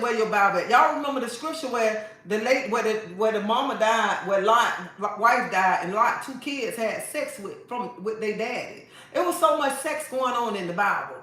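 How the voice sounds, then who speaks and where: In a very echoey room, a livestream host talks to her viewers in a slightly high voice with a sharp edge. Her casual chat turns sassy and preachy, and she keeps saying the same phrases over again.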